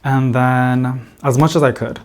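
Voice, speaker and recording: A man's voice: mid-range voice, level tone, unhurried. Guy rambling on his plant vlog, lots of likes and little laughs, regular mid voice. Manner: chatty and rambling, lots of "like" and giggles. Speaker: plant vlogger. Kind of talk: casual chat to camera. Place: indoor plant room with grow lights.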